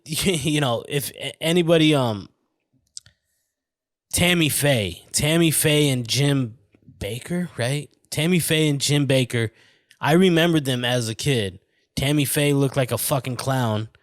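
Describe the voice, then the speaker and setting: A man's voice: mid-range voice, unhurried, no echo, studio quality. A man from the American Southwest hosting a podcast, a little drunk, rambling, swearing and stumbling over his words. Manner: profane, stumbling, tangent-prone. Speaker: podcast host. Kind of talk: casual rambling podcast monologue.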